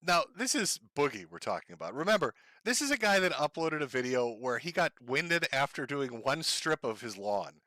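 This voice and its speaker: A man's voice: medium pitch, big pitch swings, moderate pace, few pauses, bright, forceful tone, no room sound. A man hosting a live stream who gives sarcastic, profane commentary on clips and often breaks into laughter. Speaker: stream host.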